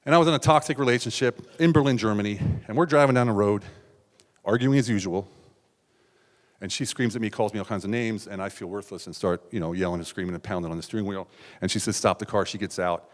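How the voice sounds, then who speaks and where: A middle-aged man from the United States telling a raw, confessional personal story on stage, with sudden loud outbursts and hushed asides. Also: lowish voice, quick pace. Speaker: keynote speaker. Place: large hall on stage. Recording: stage talk with long hall reverb.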